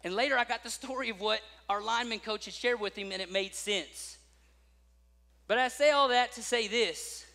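A man preaching a sermon as pastor, telling stories with lively acted-out voices. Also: sits high, moderate pace, in a large hall. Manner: animated storytelling with acted-out voices.

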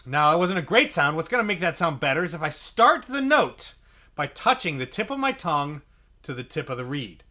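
Man, music teacher, fairly high voice, animated, checks in with "okay?" a lot. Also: a little fast. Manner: checks in often with "okay?" and acts out mouth sounds. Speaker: saxophone teacher. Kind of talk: instructional music lesson.

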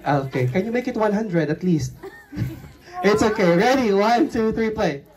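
A woman's voice: medium pitch, animated, normal speed, darkish tone. A woman hosting a children's game at a film premiere, coaxing kids up and counting aloud. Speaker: event host. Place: film premiere event venue.

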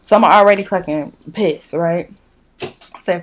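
A woman's voice: on the low side, measured pace, pauses often. A young woman, ranting in a blunt, profane storytime while she does her makeup at home. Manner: animated, blunt, profane storytelling with reenacted dialogue. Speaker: beauty vlogger. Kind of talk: casual storytime chat during a makeup tutorial.

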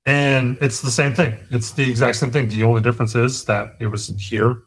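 A man, an army veteran and podcast co-host, talking in a plain, measured way with frequent restarts. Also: mid-range voice, level tone, husky. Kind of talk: casual chat.

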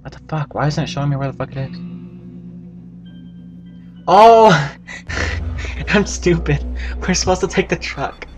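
A man giving profane, excitable let's play commentary, yelping and laughing at the game. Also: fairly high pitch, brisk, soft background music. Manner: profane, excitable, yelps and laughs while playing. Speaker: gaming channel host.

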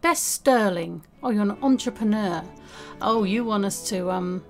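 In this casual let's-play, a young female gaming host talks to her character while playing a life-sim game. She speaks in a mid-range voice at an unhurried pace, with faint music in the background.

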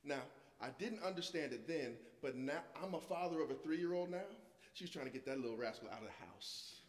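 A man, preaching a sermon through personal stories, swinging between loud passages and hushed ones. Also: mid-range voice. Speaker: guest preacher. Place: church sanctuary. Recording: echoey church hall with long reverb.

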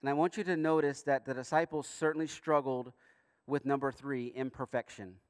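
A man preaching a sermon as pastor in a church, earnest, with emphatic rising bursts and quiet asides. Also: medium pitch, fairly even intonation, fairly quick, smooth, no room sound, studio quality, big-room sound. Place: church sanctuary.

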